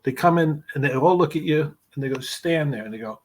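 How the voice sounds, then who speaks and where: A man's voice: a little high, fast, a little hiss or hum. A man guest telling long, profane, rambling stories in casual talk on a podcast. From New York. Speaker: guest, screenwriter. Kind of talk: casual storytelling.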